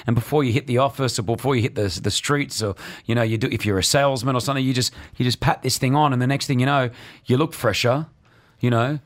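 A man hosting a radio show in casual chat, animated and acting out quotes in other voices. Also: medium pitch, fast talker. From Lebanon. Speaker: radio host.

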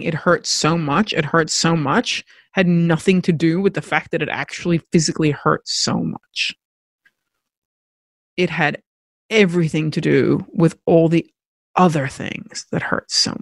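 Candid woman with a gravelly voice. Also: low voice, dry recording. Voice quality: creaky, gravelly texture. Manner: candid, reflective, with frequent restarts. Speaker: podcast host. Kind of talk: personal storytelling monologue.

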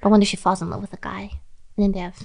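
A woman's voice: mid-range voice, little pitch movement, racing, vocal fry, a little mellow. A woman on a podcast, rambling and laughing as she makes up a strange story in casual chat. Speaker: podcast co-host.

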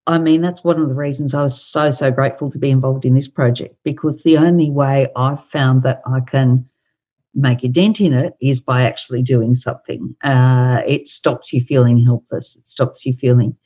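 A woman and author talking casually on a podcast, thoughtful and hesitant with many pauses and fillers. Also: very deep voice, fairly even intonation, dark tone, muffled recording. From Australia. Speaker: author and guest.

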